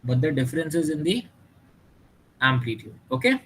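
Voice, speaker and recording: In a low-quality recording with slight background noise, a man with a fairly high pitch teaches a classroom lesson at normal speed. He's animated, blends Hindi into his English, and puts questions to his students.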